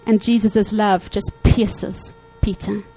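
A woman preaching a sermon to her congregation, animated, acting out Bible quotes and checking in often with her listeners. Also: mid-range voice, slow, faint music behind, poor audio. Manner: animated, acts out quotes, frequent "okay?" check-ins.

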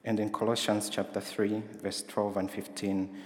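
A man's voice: lowish voice, flat delivery, moderate pace. A man preaching a sermon in a conversational way, asking his listeners questions. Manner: conversational, asks the congregation questions. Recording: roomy hall with long reverb.

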